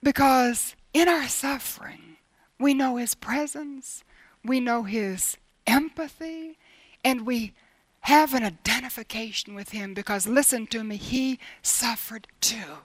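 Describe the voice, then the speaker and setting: High-voiced woman preaching earnestly. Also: slow, no room sound. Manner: earnest, lively, varying between emphatic and hushed; repeats phrases for emphasis. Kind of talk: sermon.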